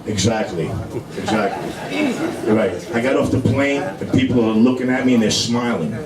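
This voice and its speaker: A man's voice: mid-range voice, normal speed, distant mic, a loud crowd. A middle-aged man with a New York accent doing a rambling stand-up comedy set to a live club audience, peppering everything with "you know". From Brooklyn, New York. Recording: echoey club room with noisy ambience.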